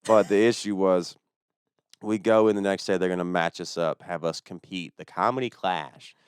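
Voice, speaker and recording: A young man, a stand-up comedian telling a story in casual chat, fast and full of swearing. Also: deep voice, fairly even intonation, smooth, no room sound, studio quality. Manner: fast-talking, profane.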